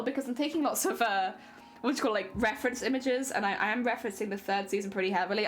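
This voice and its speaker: Lively, high-voiced chatty woman streamer. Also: slight background noise. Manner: chatty, laughs often, trails off and restarts. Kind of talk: casual chat with a live stream audience.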